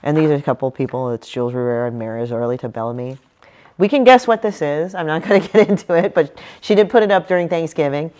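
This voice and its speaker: A woman's voice: deep voice, fast talker, a little mellow. A woman comic artist chatting casually about her book, blunt and profane, often acting out quotes from people in her stories. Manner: acts out quotes in other voices.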